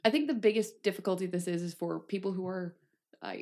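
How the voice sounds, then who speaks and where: A young adult woman co-hosting a podcast in casual chat, lively and playful, often acting out quoted voices. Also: mid-range voice, quick pace. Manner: chatty, acts out quoted voices. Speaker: podcast co-host.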